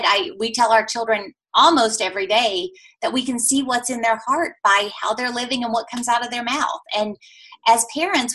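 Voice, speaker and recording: Bright-voiced woman hosting a podcast. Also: a little high. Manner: conversational, affirming, asks questions. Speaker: podcast host. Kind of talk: faith-based parenting talk.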